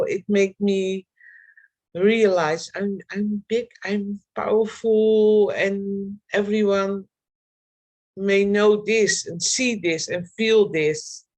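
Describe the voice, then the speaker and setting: Woman, slow, halting, heartfelt, group video call. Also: medium pitch, steady tone, darkish tone, low-quality recording. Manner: slow, halting, heartfelt, non-native phrasing. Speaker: circle participant. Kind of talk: personal sharing in a group call.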